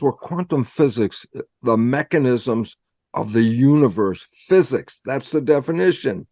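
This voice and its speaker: A man with a mid-pitched voice explains science to a lay audience by acting out back-and-forth conversations. He fires off rhetorical questions and jumps his pitch up for emphasis. The sound is dry, with no room echo. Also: lively intonation, slow, mellow. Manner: acts out both sides of imagined conversations. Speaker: cell biologist guest explaining science. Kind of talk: animated explanatory storytelling.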